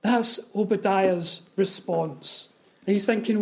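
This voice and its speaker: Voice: mid-range voice, a little slow, a little mellow. A preacher giving a sermon on a Bible passage, earnest and prone to repeating words and asking the congregation rhetorical questions.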